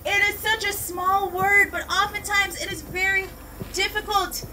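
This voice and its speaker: Exuberant high-voiced woman teaching outdoors. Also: fairly even intonation, moderate pace, sharp tone. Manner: exuberant, exclamatory, calls the kids "my people" and "y'all". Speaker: peace educator teaching children. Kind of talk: enthusiastic classroom lesson. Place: outdoor class. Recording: distant mic outdoors with background noise.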